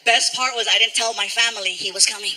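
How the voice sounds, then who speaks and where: A man tells stand-up stories on stage with animated, high-energy delivery and jumps into character voices. His voice sits high and rings very bright. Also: quick pace, rough recording. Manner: animated storytelling, many acted voices. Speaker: stand-up comedian. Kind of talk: live stand-up comedy. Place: stage in El Paso.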